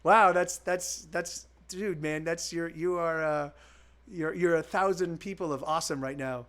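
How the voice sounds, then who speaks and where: A man's voice: on the high side, fairly even intonation, a little slow, fairly bright tone. A man in his forties, a musician chatting casually with his stream viewers, rambling with lots of restarts and swearing freely. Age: 40s. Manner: rambling, full of restarts and repeats.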